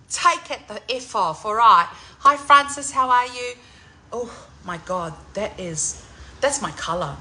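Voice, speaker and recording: Woman, forties, bright and lively, giddy loud salon-vlog chatter. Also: a little high, a little slow, rough recording. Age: 40s. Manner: giddy, loud, laughing, swearing freely. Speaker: singer. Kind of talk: excited salon vlog chat.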